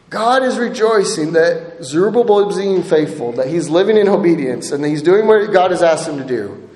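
A man's voice: sits high, lively intonation, normal speed, a little mellow. A man preaching a sermon, emphatic and checking in with the congregation by asking "right?" again and again. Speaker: pastor. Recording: echoey hall with long reverb.

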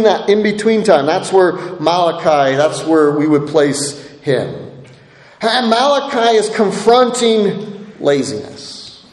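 A man's voice: high-pitched, darkish tone. A pastor giving a sermon, earnest and restating his points for emphasis. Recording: echoey hall with long reverb.

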